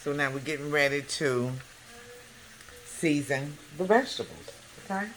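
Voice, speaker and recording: A woman hosting a casual home cooking demonstration, talking the viewer through each step and checking in with a quick "okay?" again and again. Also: sits low, lively intonation, fairly bright tone, slight background noise. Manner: chatty, keeps checking in with the viewer by asking "okay?". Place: home kitchen. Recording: echoey kitchen with background music.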